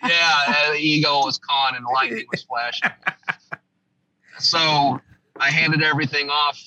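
A man's voice: on the high side, steady tone, a little slow, bright, forceful tone, slight background noise, poor audio. A man from the United States, a former army sergeant and podcast guest, telling a vivid first-person war story in casual interview talk with frequent restarts.

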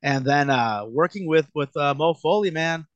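A man in his late thirties spins stories with a loose, rambling ease, his voice sitting a touch higher than most men's. The sound is dry and close, with no room around it. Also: moderate pace, no room sound, dull audio. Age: late 30s. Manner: rambling, relaxed, with lots of "like" and "man". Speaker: guest wrestler. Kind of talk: casual storytelling in a podcast interview.

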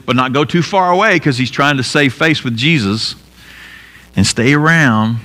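Earnest male preacher in echoing hall. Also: a bit bright. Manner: earnest preaching, rising to emphatic peaks and dropping low. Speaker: pastor. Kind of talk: sermon. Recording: long hall reverb.

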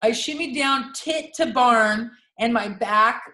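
A woman's voice: on the high side, slow, sharp tone. A young adult woman co-hosting a podcast, telling a story in casual chat and laughing often. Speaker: podcast co-host. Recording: echoey room.

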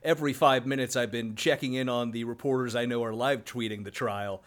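A man's voice: mid-range voice, fairly even intonation, fairly quick. An American man co-hosting a podcast, chatting casually, laughing often and swearing freely. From United States. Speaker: podcast co-host.

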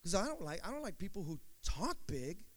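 A male pastor preaching a sermon with call-and-response, swinging between shouted emphasis and hushed storytelling. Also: high voice, big pitch swings, fairly quick.

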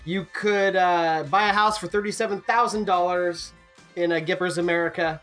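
A man's voice: sits high, steady tone, moderate pace, fairly bright tone, soft background music. A man co-hosting a podcast in casual chat, rambling and jokey with lots of fillers. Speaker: podcast co-host.

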